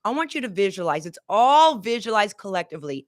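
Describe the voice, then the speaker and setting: Energetic woman giving a motivational pep talk. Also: medium pitch, fairly quick, no room sound, studio quality. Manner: energetic, coaxing, has viewers repeat affirmations. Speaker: motivational host.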